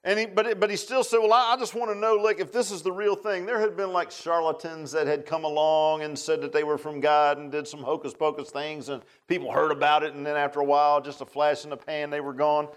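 A man's voice: a little high, level tone, brisk, few pauses. A man teaching a Bible study class in a casual, folksy sermon style, often asking his listeners questions.

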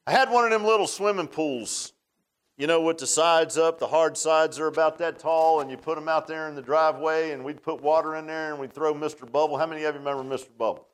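A man preaching a sermon and telling a childhood story, folksy, moving between loud and hushed. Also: fairly high pitch, quick pace, clean tone, rough recording.

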